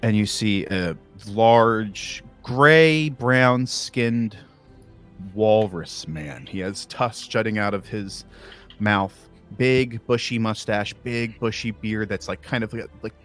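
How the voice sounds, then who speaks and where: A man's voice: on the low side, slow pace, a bit bright, soft background music. A man narrating a tabletop game as game master, describing scenes in a casual, rambling way full of likes and uhs.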